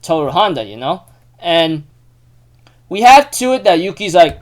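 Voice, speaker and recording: A man's voice: on the high side, sing-song, a little slow, pauses often. Rambling man recapping an anime episode. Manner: rambling, heavy use of fillers.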